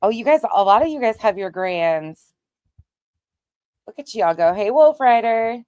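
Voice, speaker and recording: A woman's voice: medium pitch, expressive, a little slow, long pauses, a little mellow, no room sound. A woman hosting a casual livestream, greeting viewers by name and chatting bluntly, swearing now and then. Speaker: livestream host.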